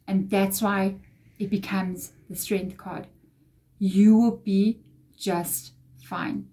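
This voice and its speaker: A woman's voice: mid-range voice, steady tone, slow pace, mellow. Earnest, reassuring woman tarot reader. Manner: earnest, reassuring, repeats phrases for emphasis. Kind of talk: tarot reading addressed to viewers.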